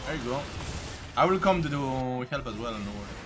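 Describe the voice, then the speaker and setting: A man giving live gameplay commentary, reacting excitably and shouting at times. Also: medium pitch, a little fast, music in the background. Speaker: gameplay streamer.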